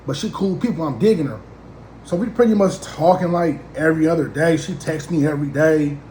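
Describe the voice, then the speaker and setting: A man in his thirties telling a story in a casual, slangy, animated way and acting out both sides of the conversations. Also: fairly high pitch, a little fast, echoey room, a little hiss or hum, poor audio.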